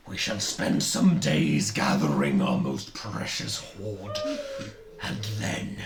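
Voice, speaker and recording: A reanimated dead wizard drags each archaic word out with a deep, gravelly rasp. His voice drops low and then swoops up and down wildly. The room around him rings with echo and a steady hiss. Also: full character voice. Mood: wistful. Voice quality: slow, creaky and archaic. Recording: echoey room with noise.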